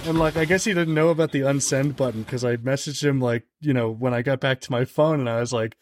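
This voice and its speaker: A man guesting on a podcast, telling an anecdote in a casual, animated way, with lots of "like" fillers. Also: quick pace. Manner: animated, heavy on "like" fillers, jumps higher when quoting others. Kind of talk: casual storytelling chat.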